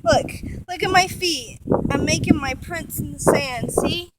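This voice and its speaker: A woman's voice: sits high, measured pace. A woman filming a casual walking vlog on a beach with her phone on a selfie stick, gushing and exclamatory. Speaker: vlogger. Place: outdoors on a beach. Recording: loud wind noise on phone.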